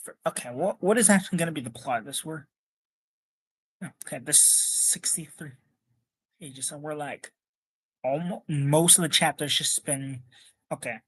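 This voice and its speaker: A man's voice: on the high side, a little slow, pauses often, fairly bright tone, husky. A man casually reading a comic book aloud, stumbling over words and chatting in asides.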